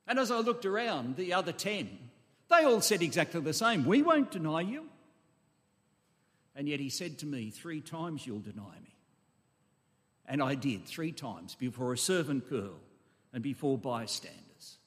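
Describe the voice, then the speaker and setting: A man preaching voices the apostle Peter, who recalls his denial in a low, quiet first-person confession. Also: big pitch swings, normal speed. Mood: remorseful. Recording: long echo of a large hall.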